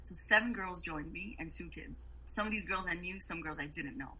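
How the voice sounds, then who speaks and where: A woman guest on a podcast, telling travel stories in a casual, animated way and laughing often. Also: lowish voice, normal speed, slight background noise, low-quality recording. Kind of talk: casual storytelling.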